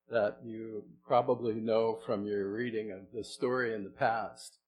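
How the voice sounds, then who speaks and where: Man, middle-aged pastor, sermon, conversational, rhetorical questions, soft-to-loud swings, faint hum behind. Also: medium pitch, rough recording.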